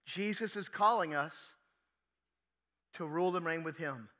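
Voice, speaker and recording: A man's voice: a little high, unhurried, sharp tone. A man preaching a sermon as pastor, emphatic, asking rhetorical questions and repeating key phrases.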